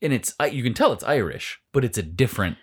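A man's voice: mid-range voice, big pitch swings, fast, breathy edge. A man co-hosting a casual podcast chat, rambling, trailing off mid-sentence and laughing often. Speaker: podcast co-host.

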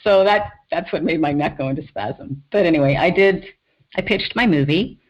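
A middle-aged woman, a screenwriter and author, telling her own story as a podcast guest, animated, often laughing and acting out quotes. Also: low voice, normal speed, highs cut off.

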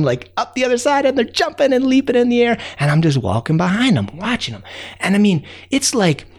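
A man voicing a chatty male raccoon who tells a rambling, excitable tall tale, full of fillers and sound effects, with a gravelly voice. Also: sits high. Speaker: storyteller.

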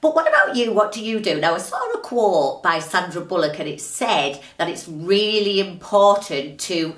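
A woman hosting her own podcast, talking in a chatty, animated, ranting way. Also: lowish voice, moderate pace, distant mic. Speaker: podcast host. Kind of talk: casual motivational monologue. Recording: roomy echo, a little off-mic.

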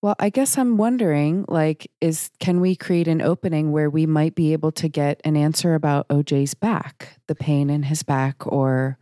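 A woman hosting a casual chat, telling a rambling story in a relaxed, talkative way. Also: sits low, normal speed, hardly any pauses, dry recording, clean studio sound.

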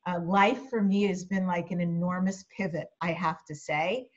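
A woman's voice: lowish voice, fairly even intonation, normal speed. Female podcast guest, chatty and reflective, filler-heavy, slightly dull sound. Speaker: interview guest, media coach. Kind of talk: casual interview chat.

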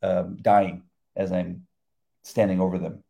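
An older man, a retired police officer, talking about faith in a halting, reflective way with many restarts. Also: sits low, flat delivery, creaky, dark tone. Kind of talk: casual faith conversation.

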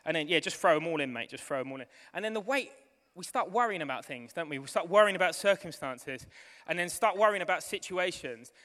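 A man preaching a sermon to his church, excitable and building to fervent shouting, with a live demonstration. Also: on the high side, brisk. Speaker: pastor. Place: church hall. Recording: long hall reverb with music behind.

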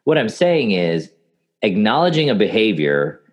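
A man in casual podcast conversation who tells animated anecdotes and gives advice to clients. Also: on the low side, moderate pace.

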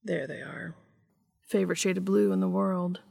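A woman reading a storybook part as an easygoing grown man who talks softly and coaxingly, sometimes whispering. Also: lowish voice, steady tone, normal speed, gravelly.

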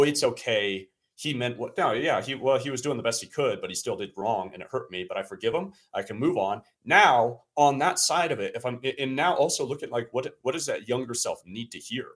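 A man's voice: medium pitch, fairly bright tone, husky. A man who works as an alignment coach, speaking as a podcast guest in an earnest, reflective way and often correcting himself mid-sentence. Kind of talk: conversational interview.

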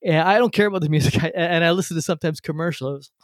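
Middle-aged guy podcast coach, kinda high voice, super animated telling stories, dry sound. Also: fast talker, no room sound. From Canada. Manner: animated storyteller, acts out his own rants. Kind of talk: conversational interview answers.

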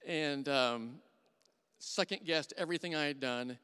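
A middle-aged man preaches with earnest warmth of conviction, telling stories from his own life. His voice is smooth and resonant, and it carries through a church hall with a long reverb tail. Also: a little high, measured pace. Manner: earnest storytelling, drops to hushed voice for quoted thoughts. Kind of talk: sermon with personal stories.

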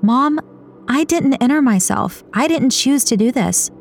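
A woman's voice: sits high, expressive, unhurried, darkish tone, soft background music, pitched above the performer's own voice. A woman reading an audiobook, voicing a young woman runner who is an earnest, anxious daughter, in a pleading, emotional way. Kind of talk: audiobook character voice.

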